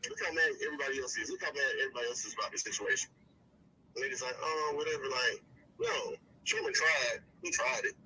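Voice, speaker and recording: A man's voice: wildly swooping pitch, quick pace, sharp tone, slight background noise. A man on a phone call, talking casually and emphatically, rambling as he breaks down his point. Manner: rambling, emphatic, swoops up high when making a point. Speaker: guest commentator.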